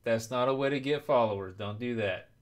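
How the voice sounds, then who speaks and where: A man's voice: mid-range voice, brisk. Profane, rowdy young man streaming. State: drinking alcohol. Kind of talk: casual live-stream chat.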